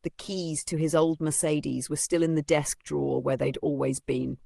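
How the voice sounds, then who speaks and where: A man reading a dramatic story as narrator in steady, scripted storytelling. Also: a little high, moderate pace, gravelly, dry recording, studio quality.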